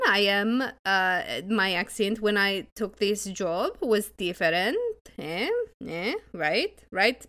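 A woman's voice: on the high side, sharp tone, full character voice. A woman voicing a brash, boastful female butcher with a put-on Australian-style accent and bold slang. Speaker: player.

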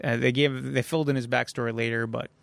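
A man hosting a podcast in a relaxed, casual comic book chat and summarizing a story. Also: medium pitch, fast talker, creaky, dry recording. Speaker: podcast host.

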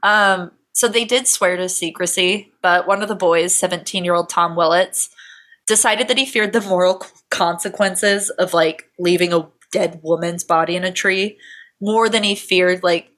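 An American woman hosting a podcast, telling a true-crime story in a profane, sarcastic, animated way. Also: lowish voice, normal speed. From United States. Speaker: podcast host.

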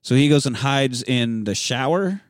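A man at a middle pitch, chatting casually and profanely. He retells a movie plot in animated bursts and slips into the characters' voices. The sound is dry and close, with no room echo. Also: unhurried. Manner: animated storytelling, acting out characters' lines. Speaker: podcast co-host recapping a film.

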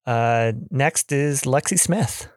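Relaxed female podcast host, low pitch, unhurried short prompts. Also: no echo, clean studio sound. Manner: brief, easygoing prompts. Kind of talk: casual interview chat.

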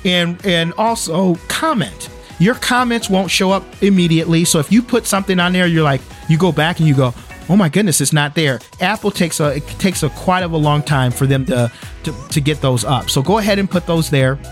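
A faith-based podcast co-host talks a little fast in a slightly high voice, earnestly and emphatically, with frequent restarts and repeated words. Faint music plays behind him.

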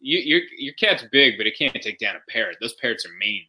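A man riffing jokes in a casual comedic chat, quick to laugh. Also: medium pitch, animated, pushed and bright. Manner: joking riffs, quick to laugh.

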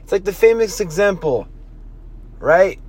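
A man hosting a motivational podcast speaks in a high, slightly mellow, slightly rough voice, expressive and at a measured pace. He's earnest and repetitive, restarting often and repeating phrases, and he acts out scolding voices in quotes.

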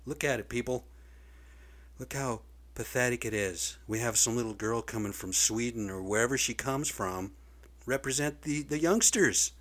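A man's voice: mid-range voice, a bit bright. Profane, worked-up man ranting. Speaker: video blogger. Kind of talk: ranting monologue. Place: lives in Seattle area.

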